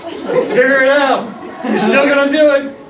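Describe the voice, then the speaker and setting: A man performing in an improvised comedy scene, gruff and stubborn in tone. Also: very high-pitched, fairly even intonation, unhurried, a bit bright, recorded from a distance, some chatter behind. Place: theater stage. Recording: roomy theater audio from afar, noisy.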